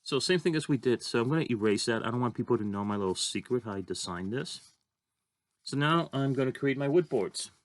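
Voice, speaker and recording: A man's voice: mid-range voice, lively intonation, a little fast. A man teaching a drawing lesson, talking casually and thinking aloud as he draws. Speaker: art teacher.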